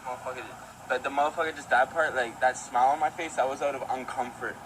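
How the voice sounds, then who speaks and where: A man's voice: medium pitch, steady tone, fast talker, a bit bright, rough recording. A man bluntly recounting a shocking event with swearing, in a played clip. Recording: street clip with traffic noise.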